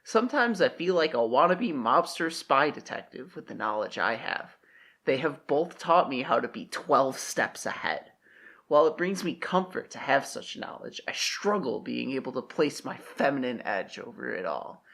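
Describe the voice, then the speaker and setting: Gravelly, bright-voiced young man. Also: medium pitch, sing-song, moderate pace. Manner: sarcastic, jumps in with jokes. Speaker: podcast co-host. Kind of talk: comedic reading and banter.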